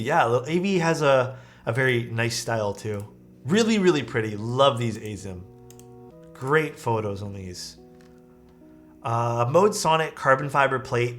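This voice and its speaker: An easygoing male streamer chats his way through photos, his pitch bouncing up and down as he reacts. Faint music plays behind him. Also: fairly bright tone. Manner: enthusiastic, easygoing, lots of praise. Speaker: streamer reviewing viewers' keyboard photos. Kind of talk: casual live-stream commentary.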